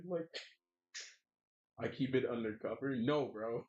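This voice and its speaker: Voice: mid-range voice, very animated, measured pace. An adult streamer chatting casually while drawing, playfully whining and laughing a lot. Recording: dull lo-fi mic.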